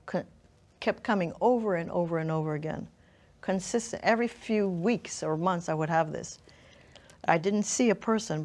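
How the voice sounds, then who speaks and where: Reflective, lower-voiced middle-aged woman. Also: a little mellow. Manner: thoughtful, halting, with frequent restarts and fillers. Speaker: interview guest. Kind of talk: reflective personal storytelling.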